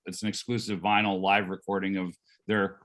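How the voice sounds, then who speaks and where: A man co-hosting a live podcast in casual chat, talking in halting bursts and repeating words as he restarts. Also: low voice, flat delivery, a bit bright. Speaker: podcast co-host.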